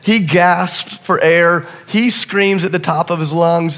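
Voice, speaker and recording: A middle-aged man preaching a sermon, swinging between hushed asides and rising urgency. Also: sits high, fairly even intonation, slow pace. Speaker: pastor. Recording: long reverb of a large hall.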